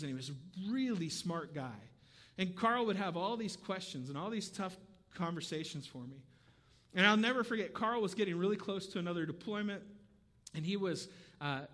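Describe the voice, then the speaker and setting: A male pastor delivers a sermon, telling a story conversationally with asides, his slightly high voice swinging from quiet moments to near-shouting.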